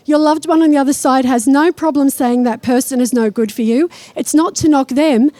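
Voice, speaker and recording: Blunt cheeky woman medium talking on stage, high mellow voice, dry sound. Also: fairly quick, dry recording. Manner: blunt and irreverent, swears freely. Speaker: psychic medium. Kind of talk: stage talk with live readings. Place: stage before a live audience.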